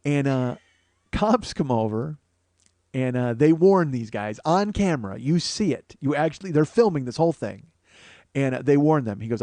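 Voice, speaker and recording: A man hosting a podcast, telling a comic story as a profane rant that swings between mumbled asides and loud outbursts. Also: medium pitch, expressive, normal speed, dry recording. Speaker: podcast host. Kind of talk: comedic storytelling monologue.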